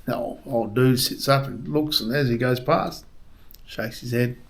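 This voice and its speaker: A man's voice: medium pitch, a little slow, creaky. A man hosting a travel vlog, chatting casually and rambling with lots of ums and uhs, then telling a joke. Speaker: vlog host.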